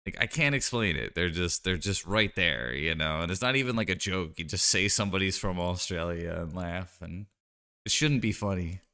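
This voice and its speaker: A man's voice: low-pitched, lively intonation, normal speed, pushed and bright, clean tone. A man streaming live, chatting casually and joking while he plays a card game, rambling with lots of "like" and "you know".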